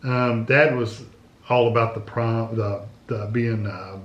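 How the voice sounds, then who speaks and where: A man's voice: mid-range voice, steady tone, takes it slowly, roomy sound, dull audio. A middle-aged man with a Kentucky accent, co-hosting a casual vlog and chiming in easily. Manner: easygoing, chiming in. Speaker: vlog co-host. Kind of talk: casual chat.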